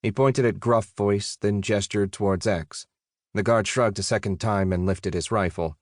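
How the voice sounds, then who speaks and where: Low steady guy reading an audiobook, dry close sound. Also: normal speed, no room sound. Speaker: audiobook narrator. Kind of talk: scripted narration.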